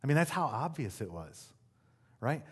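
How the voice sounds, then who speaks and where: A man preaching from the pulpit at a middle pitch, talking straight to the congregation. He is casual and emphatic by turns and throws in quick asides to the crowd. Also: big pitch swings, slightly rough. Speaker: pastor. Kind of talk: sermon.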